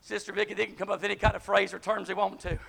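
A man preaching a sermon, calling out to the congregation and climbing to shouted peaks, short of breath at times. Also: sits high, little pitch movement, racing, creaky. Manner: call-and-response, rising to shouting peaks.

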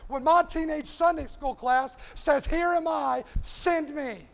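High-voiced preacher in a reverberant hall. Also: male voice, takes it slowly, creaky, a bit bright. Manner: impassioned, repeats "hey" constantly. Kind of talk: sermon. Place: church sanctuary.

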